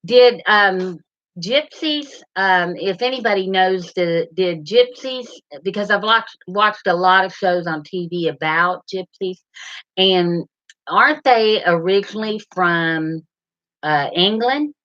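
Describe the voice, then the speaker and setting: Slow, chatty woman hosting a livestream. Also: medium pitch, a bit bright. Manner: chatty, rambling, addresses viewers by name. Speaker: livestream host. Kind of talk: casual live chat reading comments. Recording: slightly dull lo-fi sound.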